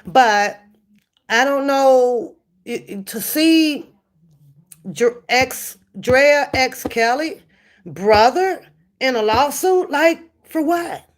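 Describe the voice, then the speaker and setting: Casting: woman streamer, unhurried and slightly high, chatty with viewers. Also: expressive. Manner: chatty, reads and answers viewer comments. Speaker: commentary streamer. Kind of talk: casual live-stream chat.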